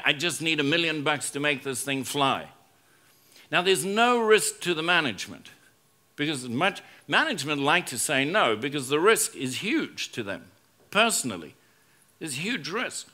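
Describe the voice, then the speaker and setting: A man's voice: a little high, pushed and bright. A man, a business school professor, giving a humorous conference talk to a live audience, telling stories and acting out quoted lines. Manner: storytelling, acts out quoted lines, jokes with audience.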